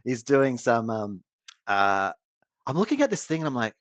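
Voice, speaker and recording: A man's voice: mid-range voice, a little slow, no room sound. A man co-hosting a casual chat show, telling rambling stories and laughing often. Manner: rambling, laughing, animated storytelling. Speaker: podcast co-host.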